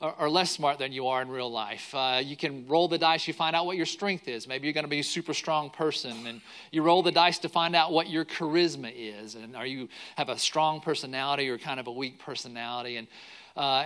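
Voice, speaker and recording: A middle-aged man preaching a sermon, telling a story with animated quoted voices. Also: on the high side. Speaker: pastor.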